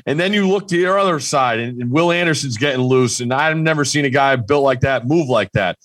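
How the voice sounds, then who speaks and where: A man's voice: mid-range voice, a little fast, fairly bright tone, dry recording. Big-framed man rambling in casual sports talk. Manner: rambling with restarts and fillers. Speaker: co-host.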